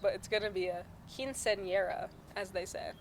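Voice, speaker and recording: Young American woman, mid-pitched, teasing, shaky fake Irish accent. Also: fairly even intonation, normal speed, slight background noise. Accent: American attempting Irish. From United States. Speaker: co-host. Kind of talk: casual chat.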